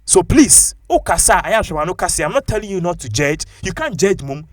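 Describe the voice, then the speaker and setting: A man with a Ghanaian English accent giving animated, opinionated commentary and mixing local-language phrases into his English. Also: high-pitched, brisk, no echo, studio quality.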